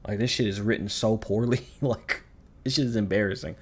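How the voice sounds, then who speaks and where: A man's voice: fairly low pitch, a little fast, breathy edge. A man giving a ranting video review, sarcastic, profane and exasperated. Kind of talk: ranting commentary.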